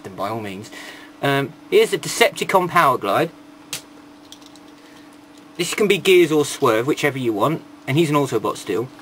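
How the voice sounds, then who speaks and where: A man's voice: mid-range voice, fairly bright tone, slight background noise. A man giving a casual toy review, rambling, with irreverent and sarcastic asides.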